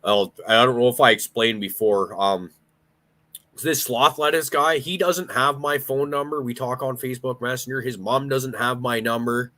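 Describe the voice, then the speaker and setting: A man's voice: mid-range voice, normal speed, pushed and bright, no echo. A man telling a rambling story in casual chat, swearing a lot and restarting his sentences. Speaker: podcast host.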